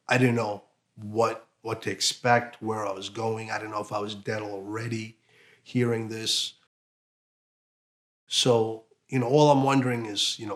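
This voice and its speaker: Low-voiced man, halting and emotional. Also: a bit bright. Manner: halting, many fillers and restarts. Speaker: interviewee. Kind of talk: emotional personal testimony.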